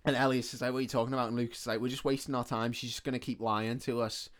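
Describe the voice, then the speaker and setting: A man's voice: medium pitch, flat delivery, rapid-fire. A man, a podcast host casually retelling a film's plot and acting out the characters' lines. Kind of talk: casual film recap chat.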